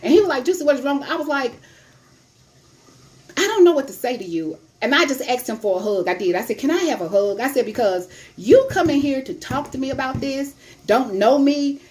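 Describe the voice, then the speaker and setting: A woman's voice: high-pitched, brisk. Blunt straight-talking woman storyteller. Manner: blunt, straight-talking, lively retelling with quoted voices. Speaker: host giving sex and relationship advice. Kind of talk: casual storytelling to camera.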